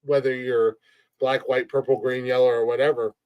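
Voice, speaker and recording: A man from Ohio hosting a podcast in casual chat, jokey and loud, with mock voices and swearing. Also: mid-range voice, flat delivery, moderate pace, clear, resonant tone, muffled recording. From Ohio, United States. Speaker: podcast host.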